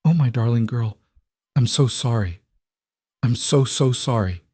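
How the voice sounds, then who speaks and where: A man's voice: medium pitch, a little slow, a little mellow, breathy edge, no room sound, studio quality. A man voicing a tearful, remorseful middle-aged mother who pleads with her daughter. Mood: pleading. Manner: pleading, sorrowful.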